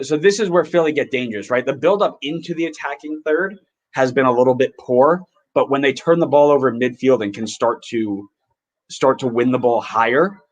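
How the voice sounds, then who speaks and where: A man hosting a podcast, rambling casually and reacting excitedly while he watches a match live. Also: medium pitch, rough recording. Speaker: podcast host.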